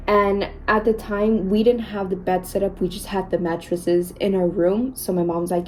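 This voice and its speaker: A woman's voice: mid-range voice, fairly even intonation, moderate pace, few pauses, a little mellow, slight background noise, low-quality recording. A young woman vlogger chatting casually about her own experiences while doing her makeup, constantly saying "you guys" and "like.". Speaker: beauty vlogger.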